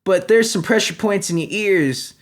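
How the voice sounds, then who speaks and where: A man hosting a comedy podcast, ranting in a profane, agitated way and swinging between shouting and muttering. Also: sits high, normal speed. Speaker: podcast host.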